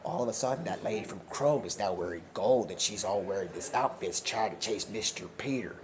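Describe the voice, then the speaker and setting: A very deep-voiced man talks on a livestream from behind the wheel of a car. He rambles through an improvised story and keeps slipping into put-on voices and whispers. Steady background noise runs under his voice the whole time. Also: brisk. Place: in a car while driving.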